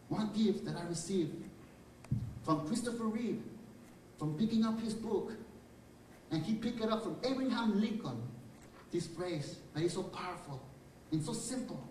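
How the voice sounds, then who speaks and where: A man's voice: high-pitched, normal speed, long pauses, a little mellow, a little hiss or hum. A spiritual teacher, a man, giving an inspirational lecture in a hall and telling personal stories in an earnest, reflective way. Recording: roomy hall, speaker far from mic, faint ambience.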